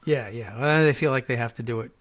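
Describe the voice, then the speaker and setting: A man's voice: medium pitch, fast, a crowd in the background. A man co-hosting a podcast in casual chat, hesitant, with frequent short replies. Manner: hesitant, lots of restarts and short back-channel replies.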